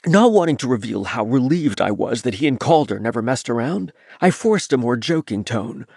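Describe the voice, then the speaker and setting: Lively male audiobook narrator. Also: medium pitch, moderate pace, gravelly, breathy edge, dry recording, clean studio sound. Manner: lively, expressive reading. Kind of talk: first-person scripted narration.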